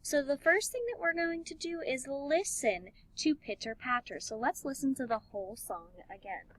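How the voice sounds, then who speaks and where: A woman music teacher giving an elementary music lesson, talking slowly and clearly and encouraging the class. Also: high voice, lively intonation, a bit bright, low-quality recording. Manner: slow, clear, encouraging teacher talk with sung and chanted examples.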